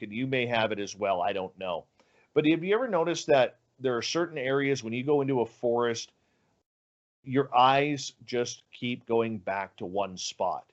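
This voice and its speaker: An animated male storyteller with a mid-pitched voice, letting it sink low and hushed at the tense moments. The audio is dull and lo-fi. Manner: animated storyteller, drops low and quiet for suspense. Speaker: guest radio host. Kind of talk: storytelling on a podcast.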